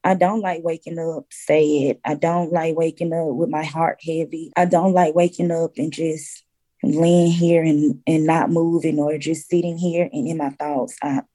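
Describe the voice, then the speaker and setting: A woman, a grieving guest speaking slowly and heavily about losing a child. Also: sits low, little pitch movement. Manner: slow, heavy-hearted, quiet. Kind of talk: candid conversation about grief.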